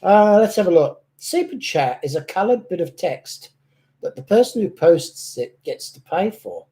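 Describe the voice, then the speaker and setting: Joking man with a lively voice. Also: high voice, moderate pace. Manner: joking, chuckling, self-deprecating. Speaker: host of a model-car channel. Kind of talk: casual live-stream chat.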